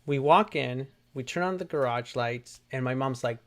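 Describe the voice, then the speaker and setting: A man's voice: mid-range voice, normal speed. A man hosting a casual chat, joking about himself and telling a story from his childhood. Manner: joking, animated, self-mocking. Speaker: show host.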